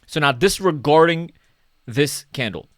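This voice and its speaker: A man's voice: a little high, lively intonation, a little slow, dry recording, clean studio sound. A man talking casually through market charts as a stock analyst, chatty and self-mocking, often tagging "okay?" and "right?".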